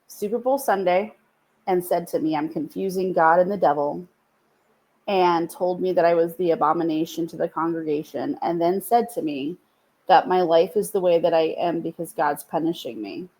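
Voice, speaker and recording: A woman's voice: lowish voice, normal speed, a little mellow, low-quality recording. A woman co-hosting a faith podcast, telling a personal story in an earnest, heartfelt way that rises with feeling. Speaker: podcast co-host. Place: podcast studio.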